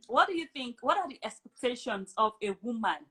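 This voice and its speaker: A woman's voice: a little high, animated, moderate pace, a bit bright, slightly rough. A woman hosting an interview over a video call, who mostly gives brief polite responses and asks questions. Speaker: host.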